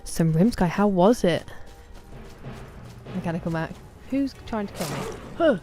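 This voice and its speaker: A woman with an English accent streaming a game, chatting casually and warmly greeting viewers by name, sometimes dropping to a whisper. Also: lowish voice, animated, a little slow, loud music behind the voice.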